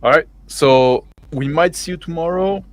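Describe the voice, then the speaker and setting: A man's voice: a little high, normal speed. A man with a non-native English accent hosting a stream, talking loosely with laughs and swearing. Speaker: stream host. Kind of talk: casual stream chat.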